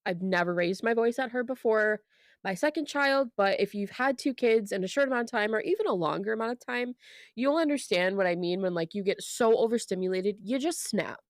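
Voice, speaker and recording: A woman's voice: mid-range voice, lively intonation, a little fast, no echo, clean studio sound. A young mother co-hosting a podcast, talking candidly and earnestly about parenting. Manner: candid and earnest, with frequent restarts. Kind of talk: casual chat.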